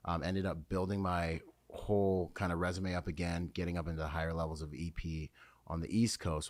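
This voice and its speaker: Deep-voiced man telling his story. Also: no room sound. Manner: candid, animated storytelling with many fillers. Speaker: guest. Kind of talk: conversational storytelling.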